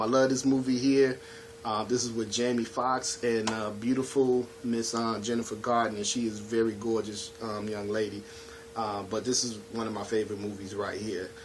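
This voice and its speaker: A man's voice: medium pitch, a little hiss or hum. A man casually talking through his movie collection in a laid-back, chatty way, often asking "you know what I'm saying.". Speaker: home video collection reviewer. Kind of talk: casual video review.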